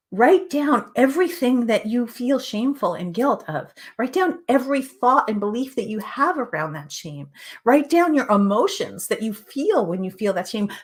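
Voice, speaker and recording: A woman hosting a show, speaking earnestly and emphatically in a motivational spiritual talk, repeating phrases and sometimes dropping to a soft whisper. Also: fairly high pitch. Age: adult with children.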